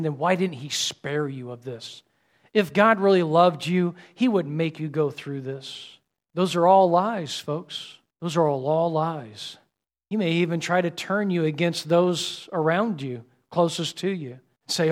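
This middle-aged man preaches at normal speed in a slightly high voice, his dynamic sermon alternating between loud outbursts and softly spoken lines.

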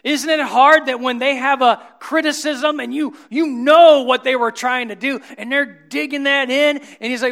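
A man preaching a sermon, asking the congregation rhetorical questions and swinging between emphatic peaks and low, soft drops. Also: fairly even intonation, normal speed, creaky, few pauses.

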